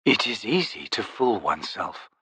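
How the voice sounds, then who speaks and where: A male narrator voicing an ancient, towering male lord who speaks quietly and with measured calm in an audiobook. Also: fairly low pitch, husky, dry recording, full character voice. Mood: aloof. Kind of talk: audiobook character voice.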